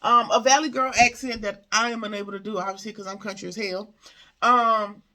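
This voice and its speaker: A woman's voice: medium pitch, fairly even intonation, a little fast, bright, forceful tone. Sassy woman recapping a show. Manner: sassy, talks back to the characters. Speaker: TV show reviewer. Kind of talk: casual recap commentary.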